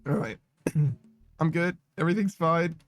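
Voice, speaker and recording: A man chats to his stream while playing a game, voice pitched a little high. He rambles, laughs at himself and swears freely. The mic is close and dry, with faint game music underneath. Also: unhurried, no room sound. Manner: giggly, rambling, self-mocking, swears a lot. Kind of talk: casual live-stream chat while gaming.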